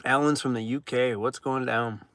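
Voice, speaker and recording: A man's voice: medium pitch, steady tone, normal speed, a bit bright, dry recording. A man hosting a casual livestream from inside his van, reading out viewer comments, worn out and laid-back, chuckling often and talking while chewing. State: tired, worn out. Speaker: van life vlogger hosting a live chat.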